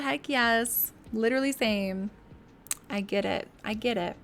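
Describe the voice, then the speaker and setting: A woman's voice: on the high side, a little slow, a bit bright, slight background noise. A woman game streamer chatting casually and giggling with her viewers while she builds in a game.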